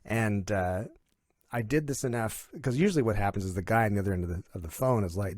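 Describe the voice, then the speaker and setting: A middle-aged man from Canada, chatting casually and telling animated stories, slipping into playful impressions. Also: fairly low pitch, fast talker, dry recording. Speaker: comedian and voiceover artist as guest. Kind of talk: casual chat.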